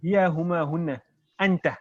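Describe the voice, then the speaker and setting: A man's voice: on the high side, normal speed. A man teaching an online Arabic class, explaining step by step and checking that his students follow. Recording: dull, lo-fi video call audio.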